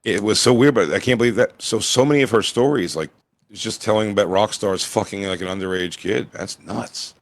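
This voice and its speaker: A man's voice: lowish voice, fairly quick. A man in his forties, co-hosting a comedy podcast with crude, laid-back banter. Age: 40s. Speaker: podcast co-host. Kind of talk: casual comedy podcast chat.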